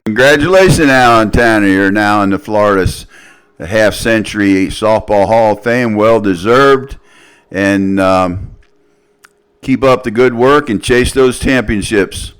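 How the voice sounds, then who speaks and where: Smooth low-voiced man hosting an outro. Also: measured pace, fairly bright tone. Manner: upbeat, plugging subscriptions. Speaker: show host. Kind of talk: promotional outro.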